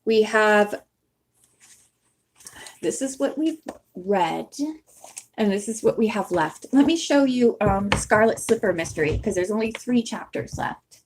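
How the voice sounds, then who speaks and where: A woman's voice: medium pitch, lively intonation, a little slow, pauses often, slight background noise. A woman hosting a book-reading channel, chatting casually and rambling to her viewers and laughing at herself. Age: young adult or older, has owned a bookmark since the nineties. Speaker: channel host who reads books aloud.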